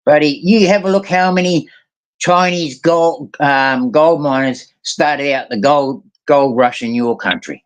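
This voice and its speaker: A guest in a live voice chat, a man with a mixed New Zealand and Australian accent, talks heatedly and casually. His voice is on the high side at a measured pace, and he rambles, swears often and trails off into lots of fillers.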